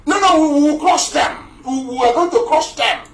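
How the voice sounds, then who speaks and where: A man's voice: high voice, fairly even intonation, brisk, fairly bright tone. A man putting on the voice of a boastful, stubborn official who refuses in blustering, stammering bursts, in a roomy room.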